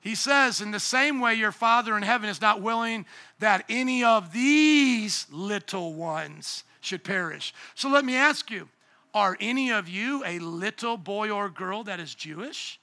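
Hoarse, high-voiced, bright-toned male pastor. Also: moderate pace. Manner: asks the congregation fill-in questions. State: going hoarse. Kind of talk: sermon. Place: church. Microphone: handheld microphone.

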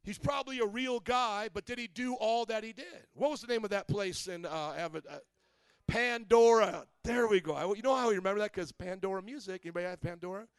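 Brief: high-voiced man from Indiana, chatty joking pastor quizzing his church, dry close sound. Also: a little fast, clear, resonant tone, no echo. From Indiana, USA. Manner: conversational and joking, quizzes the congregation. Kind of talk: sermon.

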